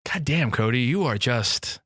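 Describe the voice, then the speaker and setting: A man co-hosting a comedy podcast, rambling in a goofy, deliberately dim improv voice. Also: mid-range voice, lively intonation, fairly bright tone, slightly rough, dry recording, studio quality. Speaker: podcast co-host.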